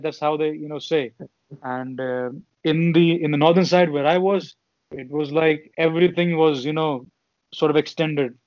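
Chatty young man, fairly high voice. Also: steady tone, moderate pace, darkish tone, dry recording. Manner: meandering, chatty explanations. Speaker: podcast co-host. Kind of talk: casual chat. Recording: dull lo-fi sound.

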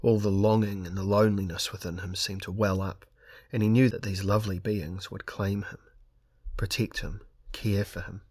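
A man reading a fantasy novel aloud as audiobook narrator, measured and steady. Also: lowish voice, slightly rough, no room sound, clean studio sound. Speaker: audiobook reader. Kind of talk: scripted narration.

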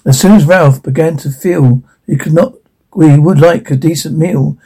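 A man's voice: fairly high pitch, normal speed, breathy edge, poor audio. A man playfully reading a rhyming fairy tale aloud to children. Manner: playful, expressive. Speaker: storyteller.

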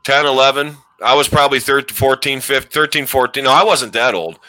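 A man's voice: mid-range voice, a little fast, pushed and bright, no echo. A man in his forties hosting a podcast, telling old stories in a rambling casual way and laughing as he goes. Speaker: podcast host. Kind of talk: casual storytelling chat.

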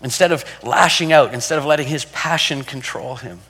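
Conversational preacher in a reverberant hall. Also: male voice, on the high side, fairly quick, a bit bright, slightly rough. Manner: conversational, repeats words, asks rhetorical questions. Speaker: pastor. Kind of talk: sermon.

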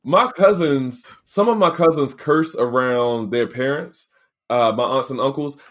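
A man co-hosting a podcast in casual chat, playful, with quick agreeing interjections. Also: medium pitch, fairly bright tone. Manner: chatty, quick affirmations, playful. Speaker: podcast co-host.

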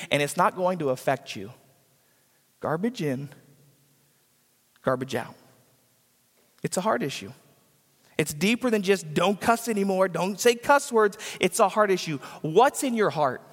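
A fairly high-pitched man preaches briskly as pastor in a church sanctuary, the sound carrying hall reverb. Repetition presses his points home, and he acts out the people he quotes.

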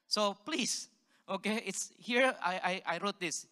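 Animated man preaching in a reverberant hall. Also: high-pitched, measured pace. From Singapore. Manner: animated storytelling with laughs and audience questions. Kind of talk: sermon.

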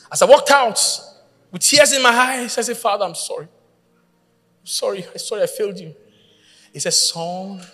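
A man preaching a sermon, telling a story with lively acted-out voices and shouting at the peaks. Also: high-pitched, big-room sound. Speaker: pastor.

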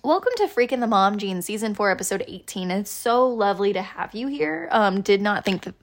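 A woman hosts her own podcast alone, sounding frustrated and near tears. She rambles, fills gaps with ums and mocks herself. Her voice sits at an ordinary pitch and is picked up by an iPhone. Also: animated, brisk. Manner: rambling, self-deprecating, many ums and laughs. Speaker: podcast host. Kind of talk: casual solo podcast chat.

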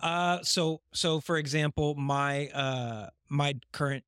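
A man speaking as a guest on a casual podcast, relaxed and often pausing with fillers, close to the microphone. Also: a little high, clear, resonant tone, dry recording. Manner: relaxed with frequent hesitations. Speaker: worship pastor guest. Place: sitting on couches indoors. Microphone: microphone held close on mini tripod.

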